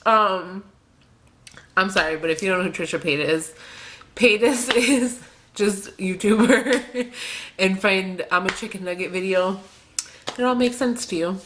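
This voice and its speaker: A woman's voice: mid-range voice, measured pace, pauses often, a bit bright. A young woman talking in an emotional confessional vlog, hesitant and rambling, with many fillers and restarts, near tears. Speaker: beauty vlogger.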